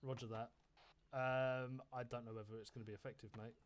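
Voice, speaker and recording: Brisk man leading a squad. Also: medium pitch, level tone. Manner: brisk, swears when frustrated. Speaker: squad leader in a military simulation game. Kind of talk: tactical radio chatter while playing.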